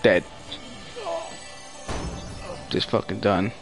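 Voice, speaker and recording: A man's voice: on the low side, steady tone, drawn-out words, gravelly, over music. A man narrating his own online gameplay, swearing, taunting opponents and ranting in frustration. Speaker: gamer playing online. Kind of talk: live gameplay commentary. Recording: noisy gameplay capture.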